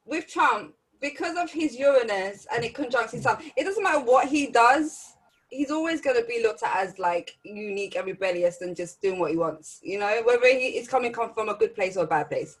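An opinionated woman guesting on a podcast, speaking with a slightly high voice. She explains things in astrology terms. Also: lively intonation, brisk, rough recording. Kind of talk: casual chat.

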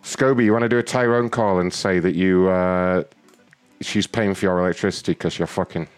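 A man's voice: sits low, fairly even intonation, a little fast, clean tone, no echo. A man hosting a prank call show, brash and profane in casual banter. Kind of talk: casual chat and prank calls.

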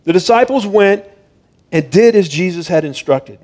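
A man's voice: high-pitched, expressive, normal speed, a little mellow. A male pastor giving a sermon in a conversational, explanatory way, retelling a Bible story and reading scripture aloud.

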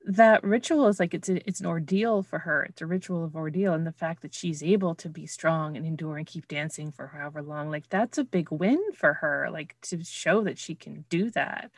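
A woman guest critic in a casual film chat, speaking thoughtfully with lots of likes and softening when she reflects. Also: deep voice, moderate pace, few pauses, dry recording.

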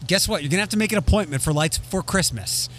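Lively bright-voiced male podcast host. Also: high voice, fast talker. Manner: rambling, frequent restarts. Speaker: radio host. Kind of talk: casual podcast chat.

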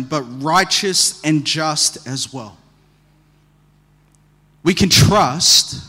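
High-voiced preacher in a reverberant hall. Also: male voice. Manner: animated storytelling preacher with asides. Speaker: pastor. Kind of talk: sermon.

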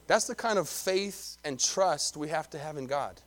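A man's voice: on the high side, expressive, normal speed, few pauses, a bit bright. A middle-aged man, a pastor delivering a sermon in a conversational way, often repeating himself and calling for amens.

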